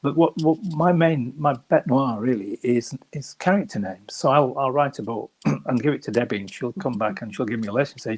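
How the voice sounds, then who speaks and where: A middle-aged man from Yorkshire, a crime author, chatting casually in an interview with a soft, soothing, polished voice that never rises to a shout, rambling and poking fun at himself. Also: mid-range voice, brisk, slightly rough, poor audio. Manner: chatty, wandering, self-mocking.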